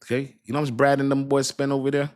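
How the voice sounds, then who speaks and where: A man's voice: mid-range voice, little pitch movement, fast, darkish tone. A man streaming casual, emphatic commentary to his viewers, repeating himself and asking them questions. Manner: emphatic, repetitive, talks straight to viewers with "y'all" and "you understand"; laughs and jokes about his own accent. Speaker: crypto streamer. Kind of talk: casual hype commentary to a live chat.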